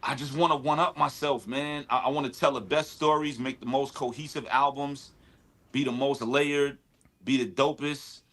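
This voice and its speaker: Laid-back and chatty, this rapper from Brooklyn, New York, in his 40s, talks in a casual interview and often says "you know what I mean." He has a mid-range, steady voice at a moderate pace, slightly bright.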